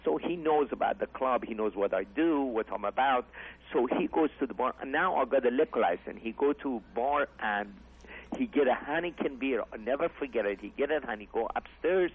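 A middle-aged man who learned English later in life tells stories as a guest in an interview. He is animated and slips into other people's voices as he goes, and his voice is somewhat husky. The sound comes through thin and phone-like. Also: medium pitch, fairly quick. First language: not English. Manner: animated storyteller, acts out voices, broken English. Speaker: comedy club owner, guest. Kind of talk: storytelling in interview. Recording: tinny phone-like line.

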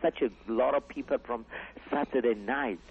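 A man's voice: medium pitch, normal speed, a little hiss or hum. A comedy club owner, a man, chatting earnestly on a radio interview in rambling English with broken grammar. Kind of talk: casual radio interview chat. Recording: tinny phone-like radio audio.

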